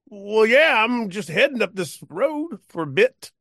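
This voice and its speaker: A man voicing an old, drunk cowpoke who rambles in a halting drawl. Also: high-pitched, very animated, bright, forceful tone, no room sound, clean studio sound, voice pushed up, heavily acted.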